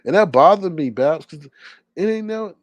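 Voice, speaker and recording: Calling into a live talk stream, an indignant man goes on an animated, casual rant, drawling loudly and veering from outbursts to mutters. His fairly high voice is animated and keeps a normal speed, captured dry and close.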